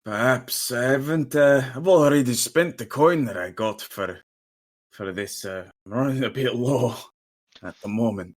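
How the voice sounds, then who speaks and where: A man's voice: medium pitch, a little slow. Hesitant man role-playing a dwarf. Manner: hesitant, musing, many restarts. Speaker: player. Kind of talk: in-character tabletop role-play.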